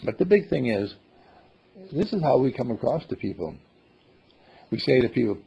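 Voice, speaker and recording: Playful older-sounding guy teaching a group, raspy low tone, lots of ups and downs in pitch. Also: big pitch swings, normal speed, pauses often, warm tone, muffled recording. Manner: playful, acts out dialogue with voices. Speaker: spiritual teacher. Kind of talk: group talk.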